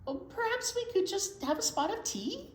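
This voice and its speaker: Woman playing a tiny storybook mouse, male, soft, high, polite, hesitant, apologetic, echoey room. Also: big pitch swings, normal speed, slight background noise. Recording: roomy echo.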